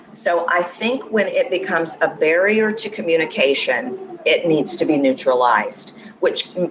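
A woman's voice: low voice, highs cut off. A woman accent coach explaining her views as a podcast guest, confident and emphatic. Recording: audible background noise.

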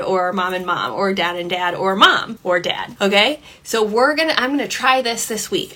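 A woman hosting a parenting podcast, explaining tips in a relaxed, chatty way, often checking in with "okay" and slowing down to stress points. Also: medium pitch. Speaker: podcast host and parenting coach. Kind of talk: casual podcast teaching.

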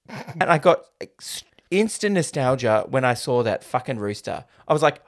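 A man's voice: fairly high pitch, moderate pace. A young Australian man co-hosting a casual movie podcast, telling stories with casual swearing. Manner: animated storyteller, swears casually. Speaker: podcast co-host. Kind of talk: casual movie review chat.

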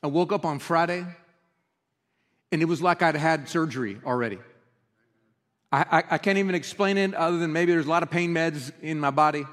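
A man's voice: on the high side, brisk, long pauses, a bit bright. A man preaching a sermon as pastor, earnest and emotional in his delivery. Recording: reverberant hall.

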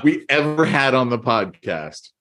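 Male podcast co-host, middle pitch, animated storyteller, casual banter. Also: unhurried. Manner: animated storytelling, laughs often. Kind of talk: casual chat.

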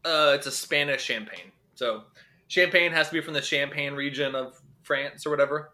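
Bright-voiced joking podcast man. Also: on the high side, fairly even intonation, moderate pace. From North Carolina, USA. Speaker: podcast co-host. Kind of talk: casual podcast banter.

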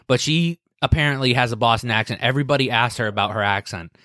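Brief: man, podcast co-host, chatty storyteller, bright forceful tone, dry. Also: mid-range voice, fast, dry recording. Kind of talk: casual chat.

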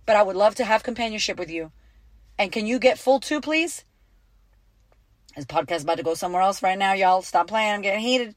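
A woman's voice: medium pitch, fairly quick, no room sound. A woman hosting a podcast as a life coach, talking in a blunt, profane, emphatic way and repeating lines for punch. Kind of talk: casual motivational podcast talk.

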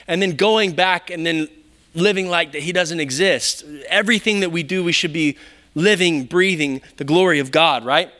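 A pastor with a high, bright voice preaches a sermon in a church sanctuary. His delivery is animated and conversational, full of rhetorical questions.

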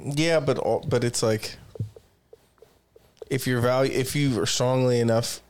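A man's voice: medium pitch, steady tone, unhurried, darkish tone, clear, resonant tone. A man in casual chat who rambles with many fillers and swears freely. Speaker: podcast co-host.

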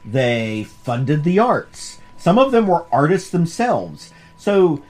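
A man with a voice on the high side talks slowly as the professor-host of a podcast course. His casual comic book lecture is animated and digressive, sprinkled with jokes.

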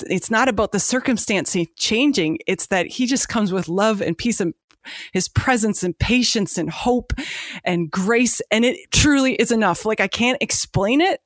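A woman's voice: medium pitch, dry recording, studio quality. A woman co-hosting a casual faith chat, earnest and emotional, with many fillers.

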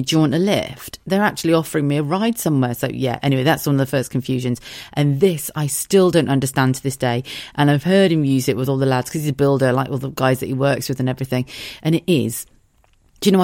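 A woman's voice: extremely low pitch, darkish tone, no echo, clean studio sound. A woman with a southern English accent, hosting a podcast and telling stories in a chatty, sweary way, often laughing at her own tales. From southern England. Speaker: podcast host, former radio presenter. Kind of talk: casual storytelling monologue.

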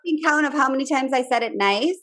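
A woman's voice: fast, a bit bright. A woman in her thirties co-hosting a casual podcast, playful and laughing, mimicking others in a mocking voice. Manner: playful, laughing, acts out quotes in a mocking high voice. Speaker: podcast co-host. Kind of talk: casual chat.

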